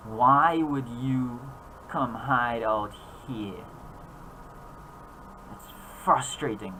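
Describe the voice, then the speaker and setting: Creepy taunting tree thing for a tabletop game, sarcastic bad-guy tone, mid pitch, faint hiss behind, a man doing the voice. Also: very slow, sharp tone, rough recording. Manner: sarcastic, mocking.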